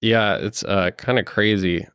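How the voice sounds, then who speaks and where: A man's voice: lowish voice, fairly even intonation, unhurried, fairly bright tone, smooth, no echo, studio quality. A man narrating as game master of a tabletop game, hesitant with many ums and uhs. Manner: hesitant, fills with um and uh.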